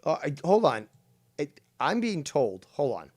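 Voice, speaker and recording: A man's voice: on the high side, big pitch swings, unhurried, darkish tone, dry recording. A man hosting a casual live-stream talk show, brash, sarcastic and teasing. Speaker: host.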